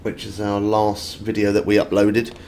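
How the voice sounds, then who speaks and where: A man's voice: fairly low pitch, monotone, moderate pace, darkish tone, a little hiss or hum. A British man from the UK streaming a fishing game, chatting casually and answering viewer comments as he plays. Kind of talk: casual live-stream chat.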